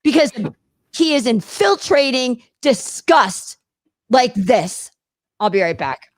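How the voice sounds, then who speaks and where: A woman's voice: fairly high pitch, sing-song, takes it slowly. An upset woman hosting a live show, ranting with passionate indignation and repeating herself. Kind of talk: live-stream rant.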